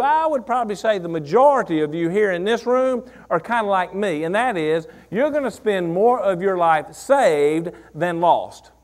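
Male pastor, 40s, high voice, lively preaching delivery. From Mississippi. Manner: animated, repeats phrases, asks the congregation questions. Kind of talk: sermon.

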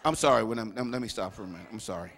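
A man preaches a lively, joking sermon as a bishop, his voice bright and pitched a little high. It rings out with a long reverb, like a big sanctuary heard through a stage mic. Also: very fast, vocal fry. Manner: animated, humorous preaching with playful asides and acted-out quotes. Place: large church sanctuary. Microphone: stage microphone.

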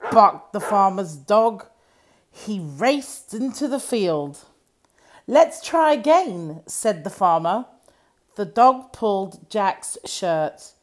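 A woman reading a children's story aloud in an animated storytelling voice. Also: mid-range voice. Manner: slow, lively, animated reading.

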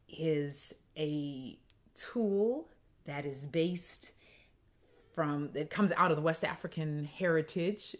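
A woman composer and choir conductor, explaining her choral piece in a lively, conversational, demonstrative way. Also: sits low.

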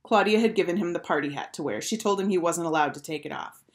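A woman teacher reading a children's chapter book aloud with clear, expressive storytelling. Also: lowish voice, fast talker.

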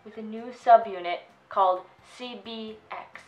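A woman's voice: mid-range voice, steady tone, moderate pace, faint music behind. Bubbly woman explaining, echoey room. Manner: playful, explaining in a bubbly teasing way. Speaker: host of reaction channel. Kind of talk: casual chat.

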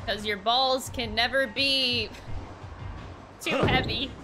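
A woman streaming a video game, chatting casually and excitably with her viewers and reacting out loud to the game. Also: a little high, faint music behind. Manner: excitable, talks fast to her chat, frequent exclamations. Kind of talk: casual gameplay commentary.

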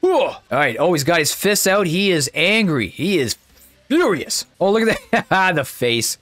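A man giving casual, excitable gameplay commentary as a YouTuber, chatty and thinking out loud. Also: a little high, normal speed, soft background music.

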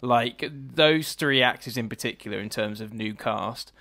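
A man's voice: medium pitch, a little slow, vocal fry, sharp tone. A man co-hosting a podcast, giving easygoing opinions in a casual film review chat. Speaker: podcast co-host.

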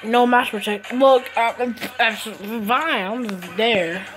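A woman's voice: a little high, slow, music in the background. A woman giving casual commentary while playing a phone game, teasing her opponents playfully. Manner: playful trash-talk, laughs at opponents. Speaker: mobile game player. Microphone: phone screen recorder.

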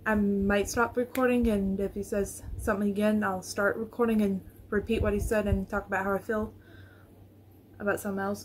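A woman's voice: medium pitch, darkish tone, a little hiss or hum. A woman vlogger chatting to viewers in a casual reaction video, nervous and rambling, recorded on her phone.

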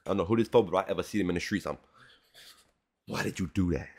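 A man hosting a music reaction video, talking in a casual, slangy way with animated, mock-outraged rants. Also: low-pitched, fast talker, breathy edge.

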